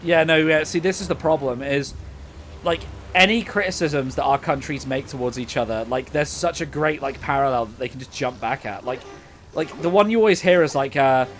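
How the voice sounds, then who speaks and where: A man's voice: medium pitch, brisk, soft background music. A young British man chatting casually while playing a game, rambling with lots of fillers and frequent laughter. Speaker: gaming co-host.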